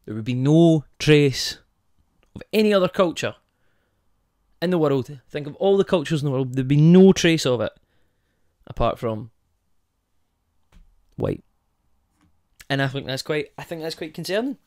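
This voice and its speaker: A man's voice: fairly high pitch, expressive, moderate pace, a little mellow, no echo, clean studio sound. A man hosting a podcast on his own, talking casually and wandering off on tangents while asking his listeners rhetorical questions. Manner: rambling, goes off on tangents, asks rhetorical questions. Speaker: podcast host. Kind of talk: casual monologue.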